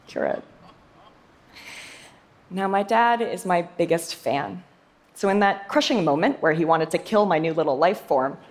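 Woman scientist giving a lively talk. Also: on the low side. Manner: lively, emphatic delivery with playful asides. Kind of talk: prepared public talk.

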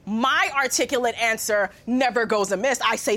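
A young woman delivers a spoken word poem on stage with a rhythmic, rhyming cadence. Her voice sits very high, and she slides between formal and street registers as she goes. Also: expressive, normal speed, few pauses, fairly bright tone. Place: stage before a live audience.

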